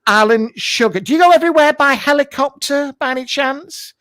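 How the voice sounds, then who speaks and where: A man's voice: very high-pitched, fairly quick, pushed and bright, no room sound, studio quality. A man playing a brash, camp male psychic medium, hosting a live comedy show from his garage, teasing guests bawdily. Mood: teasing, bawdy. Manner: bawdy, teasing, breaks into frequent laughter. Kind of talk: improvised live-stream comedy character. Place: double garage at home. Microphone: computer mic on a live stream.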